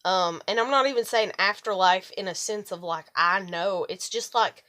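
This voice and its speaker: A middle-aged woman vlogging in a rambling, profane monologue, animated when she retells arguments. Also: mid-range voice, normal speed. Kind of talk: casual monologue to camera.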